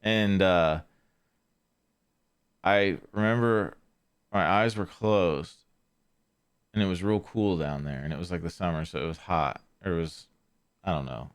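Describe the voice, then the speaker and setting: A podcast host tells a story in a casual, meandering style, full of fillers and restarts. His low voice is clean in tone and unhurried, with long pauses.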